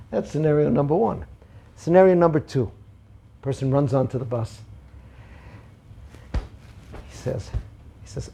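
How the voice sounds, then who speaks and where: A man's voice: a little high, animated, moderate pace, gravelly, long pauses, dark tone. A man teaching a Torah class, telling parables and acting out the quotes in them. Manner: storytelling, acts out quotes.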